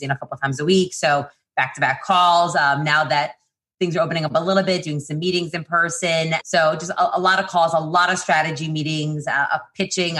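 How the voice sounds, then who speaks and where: A woman who founded a PR agency, talking casually and quickly in an interview, with lots of fillers and restarts. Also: low voice, bright, forceful tone.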